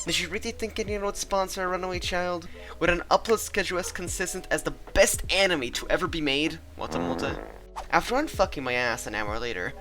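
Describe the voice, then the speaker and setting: A young man giving scripted, sarcastic comedic narration with deadpan asides. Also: medium pitch. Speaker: channel host and narrator.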